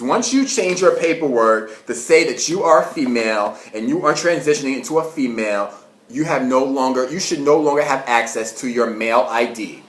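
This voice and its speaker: A young man tells a story in a casual monologue, animated and swearing, with quick rants and laughter. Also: medium pitch. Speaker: vlogger. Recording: roomy echo.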